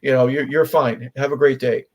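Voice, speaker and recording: A man's voice: medium pitch, fairly even intonation, moderate pace, a little mellow, close to an everyday voice. A man doing an easygoing, generous crooner. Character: generous older male singer, easygoing.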